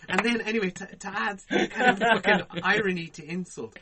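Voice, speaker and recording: A man, co-hosting a podcast and telling profane, animated stories in casual chat. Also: high voice, a little fast, a crowd in the background. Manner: profane, animated, laughs through his stories. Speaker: podcast co-host.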